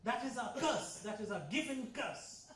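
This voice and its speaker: Speaking in an Indian English accent, this man from India does a stand-up set at a club hall while the live audience laughs. He sounds very high-pitched, expressive and a bit bright, moving at normal speed with a reverberant sound, and his ironic, dry delivery is full of self-corrections.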